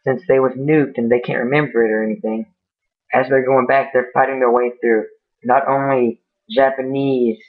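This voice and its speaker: Guy rambling thru a creepy story, flat voice, tinny phone-ish audio. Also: mid-range voice. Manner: rambling, many fillers and restarts. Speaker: amateur storyteller. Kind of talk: casual improvised storytelling.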